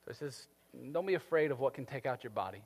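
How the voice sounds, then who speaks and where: A man preaching a sermon, animated, swinging from emphatic peaks down to soft, quiet lines. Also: mid-range voice, fast. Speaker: pastor. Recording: long hall reverb.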